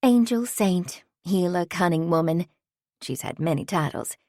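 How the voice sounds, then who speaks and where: Woman doing a mellow, dreamy older lady who runs a shop, storybook, dry close sound. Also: on the low side, animated, a little slow, dry recording. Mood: soft. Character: Celeste, gentle older artsy shopkeeper woman.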